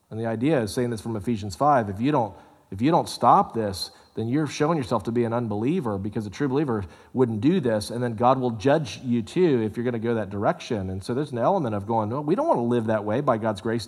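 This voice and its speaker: A man preaching a sermon at a middle pitch, his voice trailing a long reverb as in a large hall. He is animated, rising to loud exclamations and then dropping to hushed, low asides.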